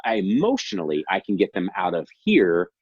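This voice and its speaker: Male youth coach, guest, deep voice with a wide melodic swing, reflective, lo-fi and dry. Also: wildly swooping pitch, fairly quick, husky, no room sound. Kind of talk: conversational interview answers. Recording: dull lo-fi video-call sound, dry.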